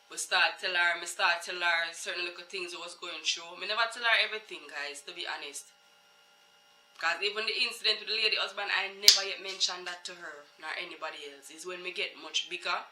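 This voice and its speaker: A vlogger with a Jamaican accent tells a personal story in an earnest, emotional patois. The voice is very bright, with a sharp edge. It sits in a roomy space with a clear echo. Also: medium pitch. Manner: emotional, earnest, talks straight to viewers in patois.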